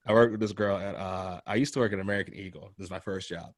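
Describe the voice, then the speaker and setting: A man's voice: sits low, fast, dry recording, studio quality. A man hosting a casual chat, telling a story in slang, swearing and acting out other people's voices. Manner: animated, slangy, acts out quoted voices; swears freely, frequent "like" fillers. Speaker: podcast host.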